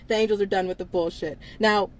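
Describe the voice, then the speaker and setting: A woman's voice: mid-range voice, rough recording. A woman hosting a casual livestream, talking bluntly with frequent swearing and laughter. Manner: blunt, profane, laughs often between lines. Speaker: livestream host.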